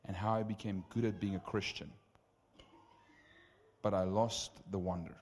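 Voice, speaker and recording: A man preaching as the preacher, telling stories in an animated, conversational way with many asides. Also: sits low, moderate pace, slightly rough. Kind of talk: sermon storytelling. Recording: reverberant hall.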